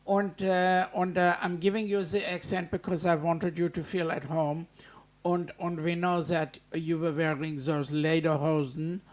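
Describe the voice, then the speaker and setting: Jovial guy in a broad mock German accent, as a man hams it up, slow and higher-pitched. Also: flat delivery, close to an everyday voice. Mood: teasing. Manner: hammy exaggerated German accent.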